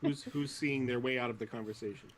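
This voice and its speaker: A man's voice: mid-range voice, steady tone, a little fast. A man playing in a tabletop game, joking around playfully. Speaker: player. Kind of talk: casual tabletop game chat.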